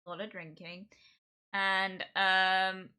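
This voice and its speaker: A woman's voice: mid-range voice, flat delivery, slow, pushed and bright, clear, resonant tone. A woman livestreamer chatting casually indoors at home, rambling and giggling often. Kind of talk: casual stream chat.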